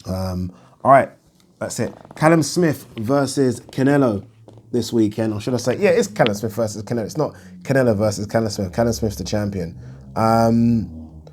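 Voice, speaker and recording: A man's voice: on the low side, normal speed, a little mellow, a little hiss or hum. A man hosting his own boxing channel, chatting bluntly about the news and thinking aloud with plenty of ums. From United Kingdom. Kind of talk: casual solo commentary on boxing news.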